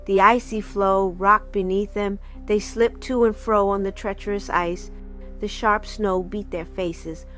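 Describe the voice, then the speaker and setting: Female storyteller, mid-pitched, measured and dramatic, reads a legend. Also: a bit bright. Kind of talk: reading a folk legend aloud.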